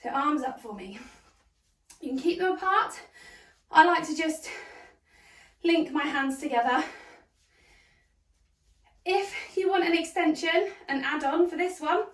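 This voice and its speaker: A woman's voice: sits high, lively intonation, unhurried, pauses often, a bit bright, echoey room, far from the mic. A woman leading a hoop workout, out of breath, cheering people on and counting down the reps. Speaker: fitness instructor. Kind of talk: workout instruction.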